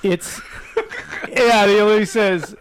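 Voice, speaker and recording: A man's voice: high voice, slow pace, noisy background. A man co-hosting a casual movie review chat, eagerly retelling scenes and laughing often. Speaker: podcast co-host.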